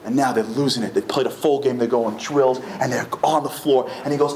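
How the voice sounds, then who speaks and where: A man giving a live lecture that tells a story, building to high, emphatic peaks. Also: fairly even intonation, brisk, few pauses, darkish tone, a little hiss or hum. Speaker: motivational speaker. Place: synagogue lecture hall. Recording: echoey hall with faint room ambience.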